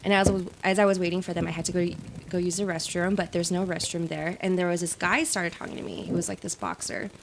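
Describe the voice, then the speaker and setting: A woman's voice: fairly low pitch, fast talker, creaky, hardly any pauses, slight background noise. A woman guest on a podcast, telling a personal story in casual chat with lots of "like" and "right?". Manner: animated storyteller, many "like" and "right?".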